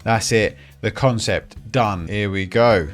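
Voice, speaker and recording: Chatty man with a low voice. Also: slow, soft background music. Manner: chatty, frank, swears, laughs often. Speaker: podcast host. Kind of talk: casual commentary.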